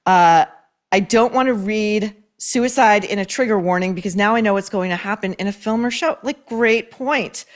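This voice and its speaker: A woman's voice: mid-range voice, moderate pace. A woman hosting a show, reading viewer mail and advice letters aloud and reacting with blunt, sarcastic commentary full of swearing. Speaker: host.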